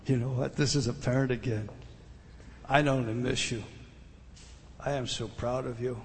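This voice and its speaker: A man's voice: mid-range voice, steady tone, moderate pace, creaky, big-room sound, slight background noise. A middle-aged man preaching a sermon, emphatic, often repeating words and putting questions to his listeners. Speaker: pastor.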